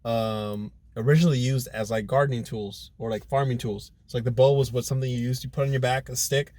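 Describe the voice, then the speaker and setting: A mid-range, steady, darkish male voice speaks briskly as he co-hosts a casual podcast, trading loose, rambling stories full of cursing. He's easygoing and laughs readily, in a dry recording.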